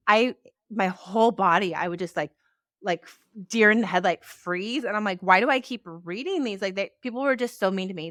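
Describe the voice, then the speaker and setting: A woman hosts a podcast in an easy, chatty way, her pitch sitting in an ordinary middle range. She gets animated and acts out the voices of the people she quotes. The sound is dry and close, with no room around her. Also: clean tone, no echo. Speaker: podcast host. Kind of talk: casual podcast chat.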